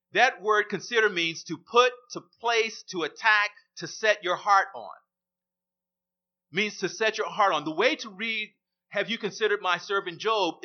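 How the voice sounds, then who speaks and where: Guy preaching a sermon, pretty high voice, hammers his points by saying them twice, muffled lo-fi sound. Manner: emphatic, repeats key phrases. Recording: dull lo-fi recording.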